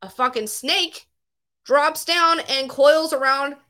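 A high-voiced woman co-hosting a loose, casual podcast. She tells stories with animated, swear-heavy energy and acts out the voices. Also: slow pace. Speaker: podcast co-host. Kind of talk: casual chat, animated storytelling.

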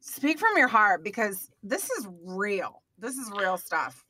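Bright-voiced woman podcast host. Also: mid-range voice, very animated, dry recording. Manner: emotional and earnest, halting phrasing. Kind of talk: podcast interview.

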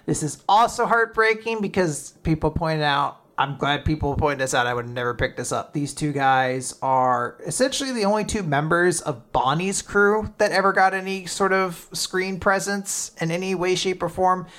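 A podcast co-host in casual chat, retelling a manga chapter in an animated way, full of fillers and the odd swear. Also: medium pitch, normal speed, hardly any pauses.

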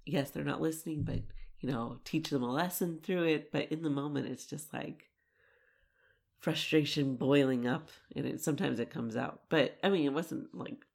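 A woman's voice: deep voice, normal speed, vocal fry, darkish tone. A woman co-hosting a family podcast in casual chat, often laughing and giving short agreeing replies. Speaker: podcast co-host, mother.

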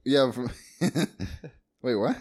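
A man's voice: mid-range voice, fairly even intonation, slow, darkish tone. A man co-hosting a casual movie recap, talking animatedly, laughing often and acting out quotes. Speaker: podcast co-host.

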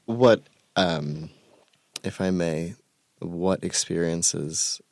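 A man asking a question slowly and hesitantly, with a very low voice. The sound is dry and close, with no room echo. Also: creaky. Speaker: interviewer.

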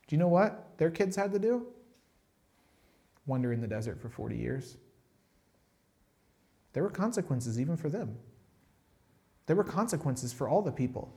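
A man's voice: a little high, normal speed, long pauses. A man preaching a sermon in a conversational way, acting out the people he quotes. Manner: conversational, animated, acts out quotes. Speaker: pastor.

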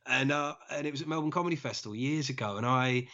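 A man's voice: mid-range voice, quick pace, sharp tone, dull audio. A male comedian telling stories in a casual podcast chat, laughing often as he talks. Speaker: comedian guest.

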